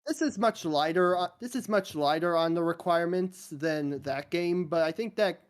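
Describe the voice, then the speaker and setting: A woman's voice: fairly low pitch, normal speed. A woman commentating casually while playing a video game, explaining things and often restarting her sentences. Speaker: game player. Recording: music playing behind.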